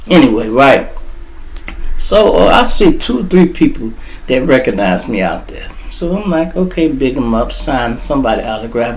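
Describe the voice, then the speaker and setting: Man hosting his channel; gravelly, a bit high-pitched, animated and profane storyteller. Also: moderate pace, a little hiss or hum, rough recording. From Chicago. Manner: profane, animated storytelling, gets loud and high when excited. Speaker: vlog host. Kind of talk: casual storytelling monologue.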